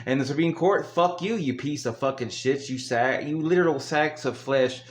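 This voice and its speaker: A man's voice: mid-range voice, moderate pace. A man hosting a reaction video, ranting angrily with heavy swearing and bursts of laughter. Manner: angry, swearing, laughs between rants. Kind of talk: profane ranting commentary. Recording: echoey room.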